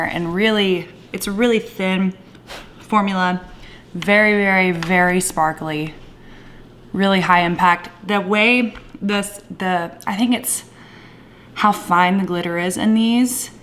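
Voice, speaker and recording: A woman talking through her makeup in a casual, gushing vlog, with a playful put-on Southern twang and soft whispered asides. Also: lowish voice, a little hiss or hum. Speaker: beauty vlogger. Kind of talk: casual makeup tutorial chat.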